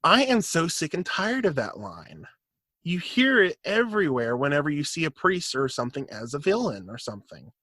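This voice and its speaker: A young man co-hosting a podcast in casual chat, joking with quick, wry interjections. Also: on the high side, sing-song, pushed and bright, no room sound, studio quality. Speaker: podcast co-host and editor.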